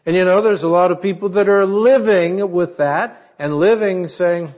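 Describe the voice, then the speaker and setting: A man's voice: high voice, moderate pace, few pauses, highs cut off. A man preaching a sermon in a conversational way, asking his congregation questions. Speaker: pastor.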